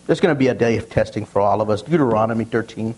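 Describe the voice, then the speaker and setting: A man preaching a sermon, stumbling over and repeating words as he tells stories, and reading scripture slowly with emphasis. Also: lowish voice, a little mellow, slightly rough, rough recording. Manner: repeats words and restarts often, storytelling.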